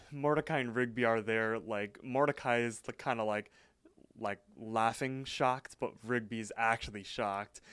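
A man co-hosting a podcast, casually recapping a cartoon episode in a relaxed, rambling way. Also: mid-range voice, clean tone, dry recording. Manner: relaxed storytelling with frequent fillers and laughs. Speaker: podcast co-host.

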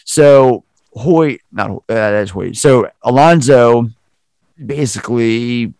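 A man's voice: medium pitch, slow, a little mellow, smooth, no room sound. A man hosting a podcast, animatedly retelling a film scene in casual chat and acting out the lines. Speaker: podcast host.

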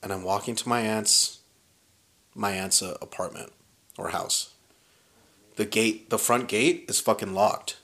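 With a lowish, creaky voice, a young man tells a wild story on a podcast at a measured pace, leaving long pauses. It's casual storytelling, profane and animated, and he laughs as he goes.

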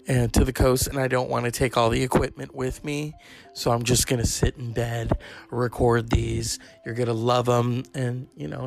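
A man in his thirties talks alone on his podcast in a gravelly, fry-laden voice. He rambles, swears freely and drifts into campy asides, with faint music underneath. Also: medium pitch. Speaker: podcast host. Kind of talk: solo comedic podcast rant. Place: at home, in bed.

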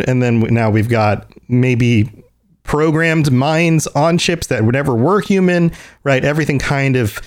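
A man's voice: medium pitch, darkish tone. A man hosting a podcast, talking casually and thinking aloud with frequent restarts. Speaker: podcast host.

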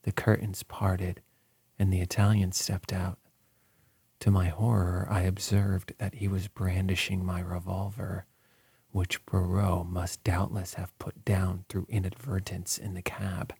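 A man narrating a story in the first person with a measured, deliberate reading. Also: low-pitched, little pitch movement, vocal fry, a little mellow, breathy edge, no echo. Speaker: audiobook narrator.

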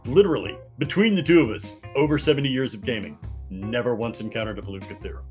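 A man co-hosting a tabletop gaming podcast in casual chat, talkative and quick to laugh. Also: medium pitch, soft background music. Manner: chatty, laughs often, tells anecdotes. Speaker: podcast co-host.

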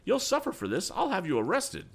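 A man voicing an angry rival agent, a blustering villain who shouts indignant threats. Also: fairly high pitch, wildly swooping pitch, brisk, pitched above the performer's own voice, heavily acted.

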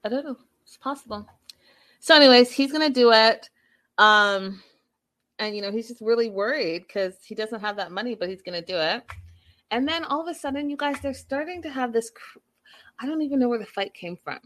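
Woman vlogger, casual recap, gossipy, bright, slightly high voice. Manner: animated, gossipy, speeding up and slowing down. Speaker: vlogger recapping a reality show. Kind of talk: casual chat.

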